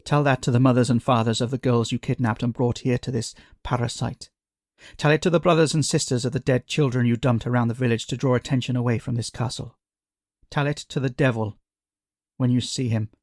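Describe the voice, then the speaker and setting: A man's voice: mid-range voice, steady tone, brisk, dry recording, studio quality, lightly acted. A man voicing a cool, fearless female vampire huntress who speaks in a cutting tone. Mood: cold.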